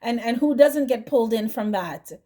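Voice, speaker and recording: A woman's voice: a little high, lively intonation, moderate pace, dark tone. A woman doing a tarot reading, chatty and direct, who keeps asking "right?" and adds "mm-hmm" between thoughts. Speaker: tarot reader.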